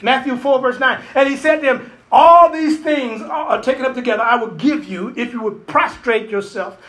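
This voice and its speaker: Animated high-voiced male preacher. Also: moderate pace. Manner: animated storytelling, acts out voices, laughs often. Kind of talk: sermon.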